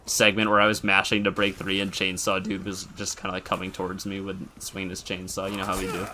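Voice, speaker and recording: A man's voice: low voice, monotone, fast, noisy background. A man streaming a horror game, chatting casually, giggling and thinking aloud as he plays. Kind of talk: casual live-stream chat.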